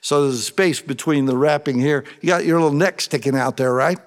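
A pastor preaching a sermon in an animated way, rising to loud, emphatic calls. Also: male voice, a little high, fairly quick. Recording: long reverb of a large hall.

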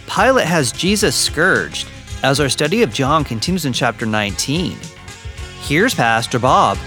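A man's voice: mid-range voice, very animated, unhurried, sharp tone. A man announcing a radio Bible-teaching program and introducing the pastor. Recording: voice over faint music.

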